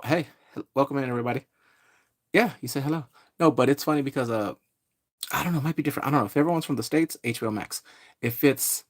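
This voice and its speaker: A man giving a rambling, casual live-stream recap, greeting viewers and laughing often. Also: mid-range voice. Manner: slips into quick exaggerated character voices. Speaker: live-streaming pop culture reviewer.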